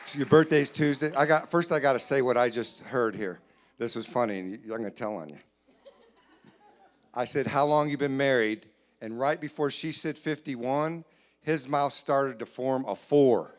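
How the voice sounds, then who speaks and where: A man doing comedy crowd work in a church hall, teasing audience members in quick banter. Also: medium pitch. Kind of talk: live stand-up crowd work.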